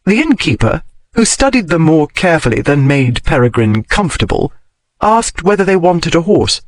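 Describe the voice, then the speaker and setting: Animated male audiobook narrator. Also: on the high side, moderate pace, poor audio. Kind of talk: scripted narration.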